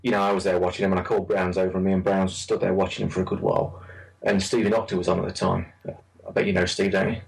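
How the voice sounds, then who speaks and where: A man's voice: deep voice, little pitch movement, fast talker, creaky, distant mic, rough recording. A man chatting casually about carp fishing, rambling and repeating words as he tells stories. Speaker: carp angler recalling a lake. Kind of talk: casual chat.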